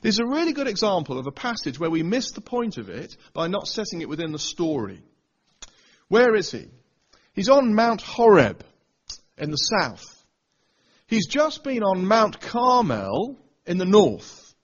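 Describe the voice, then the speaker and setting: A man's voice: high-pitched, very animated, measured pace, highs cut off. A man preaching a Bible teaching sermon, pressing his listeners with rhetorical questions. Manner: asks the audience rhetorical questions.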